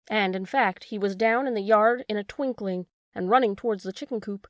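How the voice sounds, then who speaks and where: A woman narrating a classic children's tale in a calm, measured storybook reading. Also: medium pitch, no echo, clean studio sound. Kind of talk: storybook read-aloud.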